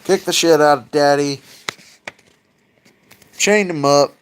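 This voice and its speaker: A man's voice: on the high side, takes it slowly, slight background noise. A man hosting a casual livestream, reading old myths aloud and retelling them in a laid-back, profane way. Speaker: mythology video host.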